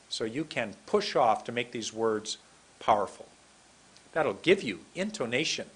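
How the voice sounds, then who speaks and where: A man with a husky, slightly breathy voice teaches pronunciation at an unhurried pace. He says single words slowly and clearly, pausing for the listener to repeat them. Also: medium pitch, a bit bright, poor audio. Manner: slow, deliberate, drills single words aloud. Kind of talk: recorded lesson.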